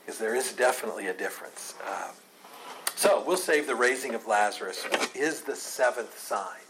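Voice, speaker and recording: A man's voice: mid-range voice, animated, moderate pace, noisy background. A man teaching a Bible study class, earnest and emphatic, taking questions from the group.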